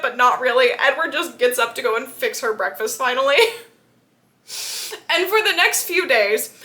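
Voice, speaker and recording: A woman book vlogger giving a casual, sarcastic and animated retelling of a novel. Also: a little high. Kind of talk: casual book recap vlog.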